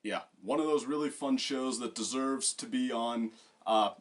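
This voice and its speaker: A man's voice: medium pitch, moderate pace. A man co-hosting a casual discussion, rambling with many fillers and restarts. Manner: bursts into loud acted quotes. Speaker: co-host.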